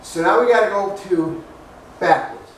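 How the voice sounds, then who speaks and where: A male pastor delivers a sermon in a joking, conversational style, posing questions to the congregation and answering back. His voice sits high and moves at a normal speed. The echoey hall is picked up from a distance, with faint noise.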